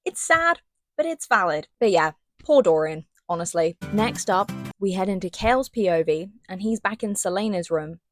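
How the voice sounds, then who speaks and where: A young woman giving a casual book review vlog, chatty and animated, with dramatic asides. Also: mid-range voice, normal speed, soft background music.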